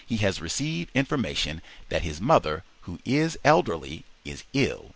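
A man's voice: low-pitched, very animated, normal speed, creaky, a bit bright, heavily acted. A man reading aloud voices a defense attorney putting formal questions in court.

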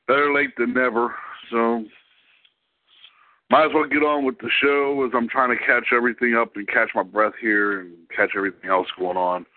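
A man hosts a live call-in radio show over a tinny, phone-like line. His voice sits at an ordinary pitch, and the sound is dry, with no room around it. He chats casually and rambles to fill the gaps while waiting for callers. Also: steady tone, moderate pace, no room sound. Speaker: host of an internet radio show.

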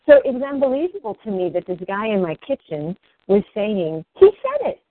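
A woman guest telling her own story candidly, swearing freely and rising in pitch as she speaks. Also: sing-song, normal speed, no echo. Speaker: interview guest. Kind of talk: emotional personal storytelling. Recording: dry, tinny phone-like line.

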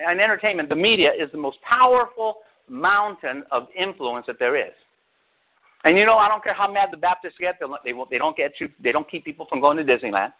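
Middle-aged male pastor, sermon delivery, high-pitched voice, tinny phone-like sound, animated and sarcastic. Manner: animated storytelling with sarcastic asides.

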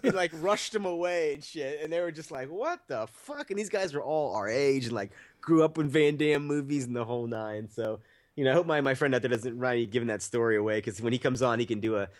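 A man's voice: medium pitch, quick pace. Man, podcast co-host, casual movie chat, rambling, swears, laughs while telling stories, mid-range voice. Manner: rambling, profane, laughing storyteller.

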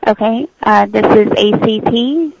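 Creaky-voiced woman answering a service line. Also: medium pitch, unhurried, very noisy. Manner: polite, hesitant. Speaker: call center agent. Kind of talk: customer service phone call.

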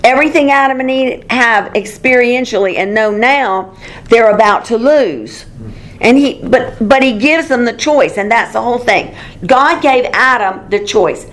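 A middle-aged woman leading a small-group Bible lesson, talking things through in a conversational way and correcting herself as she goes. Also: fairly high pitch. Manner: conversational, self-correcting, warm teaching. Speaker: Bible study teacher.

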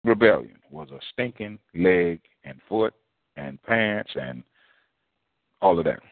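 Folksy male preacher telling a sermon story, swinging pitch widely; narrow, dry, lo-fi audio. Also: takes it slowly, gravelly, no echo. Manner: animated, folksy, quotes others in lively voices. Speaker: preacher addressed as apostle. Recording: tinny phone-like dry sound.

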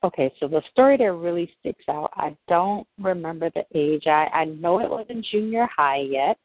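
A woman tells a childhood story in a fairly low voice, slipping into other people's voices as she quotes them. The sound is dry and tinny, like a phone line. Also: moderate pace, no room sound. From New Orleans, USA. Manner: animated, acts out quoted people in raised voices. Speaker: interviewee. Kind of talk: personal storytelling in an interview.

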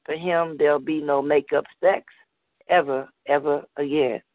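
A woman's voice: low voice, steady tone, moderate pace, dry recording. A woman hosting a call-in poetry show and reading her poem bluntly and fiercely. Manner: blunt, fierce rhythmic recitation. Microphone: phone call. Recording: tinny phone line, dry.

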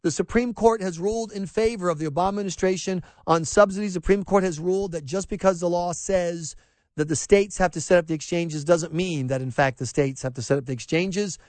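A man hosting a talk radio show, brash and energetic, giving his opinions. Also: high-pitched, brisk, dry recording. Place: radio studio.

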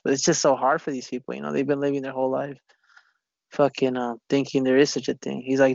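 Gravelly man rambling in casual chat. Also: medium pitch, monotone, no room sound. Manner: rambling, profane and halting with many restarts. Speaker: conversation partner. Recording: dull lo-fi recording.

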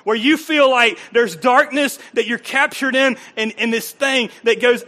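A man's voice: very high-pitched, a little slow, hardly any pauses, pushed and bright. A middle-aged man preaching a sermon in a conversational way, repeating phrases and joking with the congregation. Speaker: pastor.

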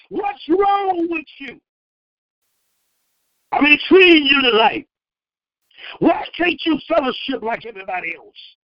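A man preaching a fervent sermon, acting out the people in the verses and breaking into loud bursts. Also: very high-pitched, no room sound, muffled recording. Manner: acts out the speakers in the verses.

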